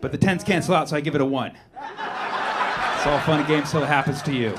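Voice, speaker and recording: A man doing a stand-up comedy set on stage, animated and sarcastic, now and then putting on voices for the people in his stories. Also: fairly high pitch, brisk. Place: comedy club stage before a live audience. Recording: live club audio with audience laughter and noise. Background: audience laughing.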